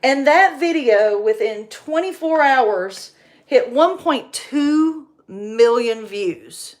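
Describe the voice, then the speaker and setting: A chatty woman from North Carolina talks to her viewers on a livestream, her easy and relaxed. Her voice sits a little high, and she tells her stories in an animated way and laughs easily. She sounds like she is in her forties. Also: slow pace. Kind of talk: casual livestream chat.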